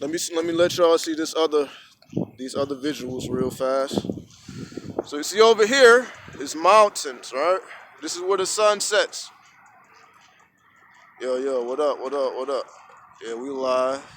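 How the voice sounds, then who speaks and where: With a fairly high pitch, a measured pace and long pauses, a man vlogs outdoors at sunrise into a phone camera held at arm's length. His casual monologue is profane and rambling, full of animated storytelling. Slight background noise is audible.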